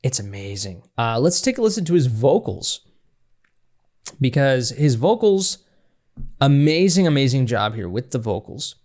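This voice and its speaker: A man's voice: mid-range voice, very animated, a little slow, a little mellow. Enthusiastic man breaking down a song. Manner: enthusiastic, rambling with restarts, breaks into scatting and laughter. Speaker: music reaction channel host. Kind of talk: casual music analysis.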